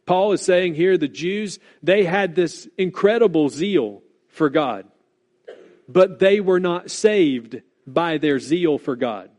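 A man preaching a sermon as pastor, earnest and deliberate, stressing key words and repeating them for weight. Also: a little high, expressive, darkish tone.

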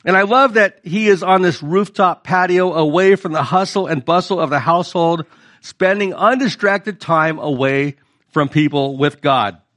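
A middle-aged man preaches in a high, light voice. He keeps it conversational and turns to the congregation with questions. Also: moderate pace, fairly bright tone. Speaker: pastor. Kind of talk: sermon.

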